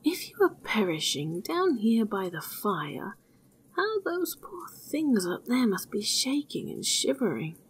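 Storybook hero, a bold naive young man, earnest and husky, unhurried as a woman reads him. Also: a little high, big pitch swings, exaggerated voice. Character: fearless naive young man, eager and plain-spoken.

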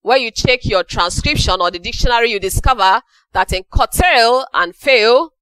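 A woman teaching an English lesson, repeating key phrases slowly for emphasis. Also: a little high, animated, pushed and bright, clean tone, no room sound, low-quality recording. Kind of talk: classroom lecture.

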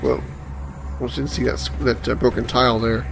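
A man's voice: medium pitch, fairly even intonation, a little fast, vocal fry. A man casually commenting on his gameplay, muttering reactions and swearing when startled, with game music playing behind him. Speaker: let's play gamer. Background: game music and sound effects.

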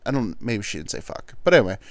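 A man's voice: fairly low pitch, sing-song, fast, creaky, dry recording. A man hosting a podcast, talking in a rambling, self-deprecating comic monologue. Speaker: podcast host. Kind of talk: casual comedic monologue.

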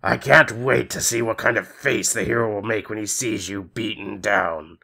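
A man voicing a menacing male evil lord who talks slowly and mockingly. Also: on the low side, fairly even intonation, gravelly, bright, forceful tone, voice pushed down, heavily acted. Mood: taunting. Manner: sneering, slow and mocking.

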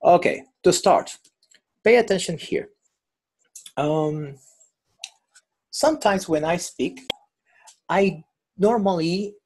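A man's voice: on the high side, darkish tone, slightly rough. A male English teacher running an online class over a video call, patiently explaining and repeating examples.

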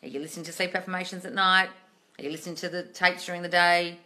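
A woman's voice: on the low side, steady tone, fast, bright, forceful tone. A woman coaching on a live stream, answering viewer questions in a blunt, scolding way with plenty of swearing and sarcastic asides. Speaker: manifesting coach.

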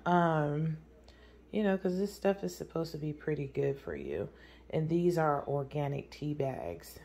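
A woman's voice: deep voice, a little mellow, slight background noise. A woman, chatting casually and laughing easily as she vlogs about her home. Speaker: vlogger.

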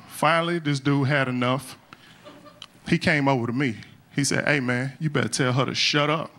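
A man's voice: fairly high pitch, fairly bright tone. A middle-aged man doing a live stand-up routine on a club stage, talking in a loose, conversational way and often tagging lines with "man.". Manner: conversational, drawn-out "man" tag, acts out quotes. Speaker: stand-up comedian. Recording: live club recording with crowd and noise. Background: audience laughter.

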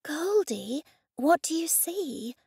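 A woman narrator voicing a friendly, patient young woman witch who speaks gently, slowly and with a pleading tone. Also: high-pitched, big pitch swings, gravelly, dry recording, studio quality, voice pushed up, heavily acted. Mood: earnest, gentle. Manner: gentle, slow and pleading, sometimes hushed.

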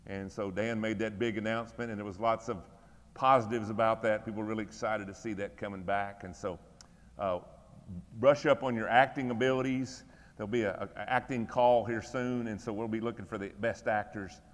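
A middle-aged male pastor gives church announcements and prayer requests in a folksy, easygoing way. His voice sits low and sounds relaxed. A long reverb from the church room trails after his words. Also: brisk. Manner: folksy, conversational, encouraging.

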